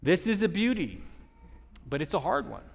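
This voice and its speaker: A man preaching a sermon as a guest speaker, telling a story in a dynamic way that drops to hushed tones and rises for emphasis. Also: high voice, big pitch swings, normal speed, creaky, in a large hall. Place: church hall.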